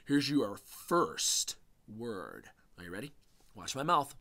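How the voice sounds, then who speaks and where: A man teaching a spelling lesson to young children, sounding out each letter slowly and encouragingly. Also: mid-range voice, sing-song, sharp tone. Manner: slow, exaggerated phonics sounds, encouraging.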